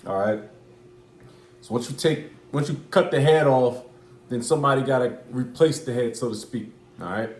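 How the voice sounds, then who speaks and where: A man's voice: medium pitch, normal speed, a little mellow. A man giving casual preaching commentary in a loose, repetitive, profane street manner. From United States. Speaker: religious commentator. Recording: echoey room.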